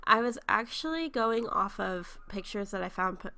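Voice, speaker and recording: Young woman, stuffy congested voice, gravelly, bright tone, chatty casual narration. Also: medium pitch, animated, normal speed. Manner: chatty, laughs often, trails off with ums. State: stuffy, congested from a sinus infection; just woken up. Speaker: YouTuber narrating a speed build. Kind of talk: casual voice-over commentary.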